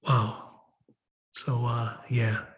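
A man's voice: mid-range voice, flat delivery, drawn-out words. A man, giving a rambling, emotional personal testimony at a recovery meeting, full of "you know" and "like.". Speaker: recovery meeting member sharing.

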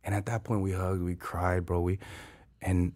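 A man's voice: deep voice, little pitch movement, normal speed, a little mellow, no room sound. A man telling his life story to an interviewer in casual street slang, earnest and emotional, often calling the listener bro.

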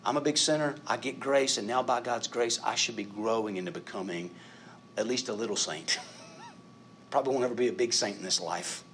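A middle-aged man preaching a sermon in a conversational, self-deprecating way, laughing at himself and rising to loud emphatic peaks. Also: on the low side, slight background noise. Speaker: pastor.

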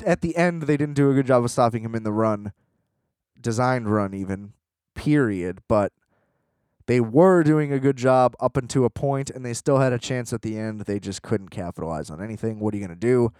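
A man's voice: fairly high pitch, darkish tone, no echo, studio quality. A man hosting a sports podcast, ranting in a frustrated, profane, rambling way with many fillers. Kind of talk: casual sports rant.

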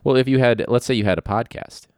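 A man's voice: medium pitch, fast, smooth, no echo, studio quality. A man hosting a podcast in casual chat, rambling and playful, often restarting his sentences. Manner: rambling, self-interrupting, playful. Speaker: podcast host.

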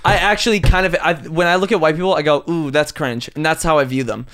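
A man's voice: on the high side, quick pace, fairly bright tone, slight background noise. Laughing, crude-joking young man. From Canada. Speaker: podcast co-host. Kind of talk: casual chat.

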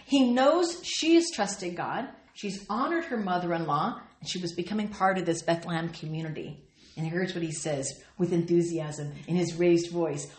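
A woman's voice: lowish voice, moderate pace, reverberant. A woman teaching a Bible study, earnestly reading and explaining scripture with feeling. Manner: earnest and expressive, reads scripture aloud with feeling.

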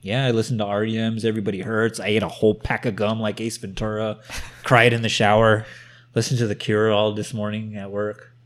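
A man co-hosting a casual podcast, swearing often as he tells an animated story over a webcam. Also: fairly low pitch, brisk. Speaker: podcast co-host. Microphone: video call webcam.

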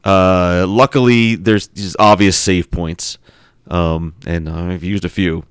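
A man co-hosting a casual podcast, rambling and swearing as he talks excitedly about a video game. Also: low voice, slow, clear, resonant tone, no room sound, clean studio sound. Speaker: podcast co-host. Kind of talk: casual chat.

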